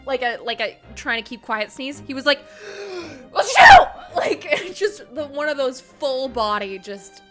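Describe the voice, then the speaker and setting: A woman with a bright, crisp voice, talking through a story game she is playing. She speaks slowly, gets excitable and laughs and swears freely. Faint game music runs underneath. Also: high voice. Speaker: let's play gamer. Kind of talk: gameplay commentary, reading dialogue aloud.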